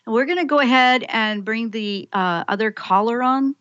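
Excitable woman hosting a spiritual call-in show. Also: on the high side, moderate pace, no room sound, highs cut off. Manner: excitable, rambling, acts out her own inner voice. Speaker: radio call-in show host. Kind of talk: spiritual call-in radio chat.

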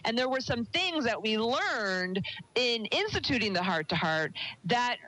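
A woman's voice: a little high, sing-song, measured pace, sharp tone, no echo, poor audio. A woman co-hosting a relationship talk show, speaking casually and emphatically and addressing the listeners directly. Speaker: podcast co-host and coach. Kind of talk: casual chat.

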